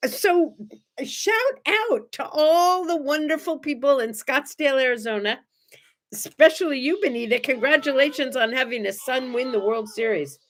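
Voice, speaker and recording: A woman in her seventies hosting a casual morning show, animated and bubbly, chatting to her viewers and her toys. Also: high-pitched, normal speed. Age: 70s. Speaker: host.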